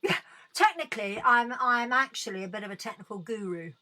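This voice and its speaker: A woman's voice: fairly high pitch, very animated, a little fast, sharp tone. A woman hosting a live late-night show, chatting theatrically and sarcastically while reading out viewer comments and eating chocolate. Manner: camp, sarcastic and theatrical, with swearing; chews chocolate while talking. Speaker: host of a late-night livestream.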